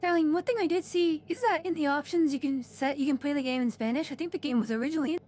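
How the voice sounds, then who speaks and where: A woman's voice: high voice, quick pace, darkish tone. A woman co-hosting a game stream in casual chat, teasing and calling her partner darling. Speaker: streamer co-host.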